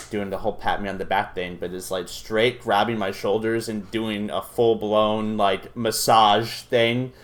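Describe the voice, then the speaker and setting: A young man hosting a reaction video, ranting casually in a profane, rambling way full of fillers and restarts. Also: fairly low pitch.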